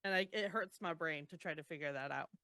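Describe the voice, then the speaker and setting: A woman's voice: deep voice, fairly quick, bright, forceful tone, no room sound. Chatty woman recapping a novel. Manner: chatty recapping with frequent laughs and fillers. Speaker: podcast co-host. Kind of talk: casual book discussion.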